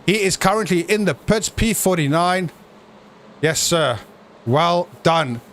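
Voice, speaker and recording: A man giving jokey, excitable live commentary on a sim race, breaking into shouts at crashes. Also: sits high, slow pace, a little hiss or hum.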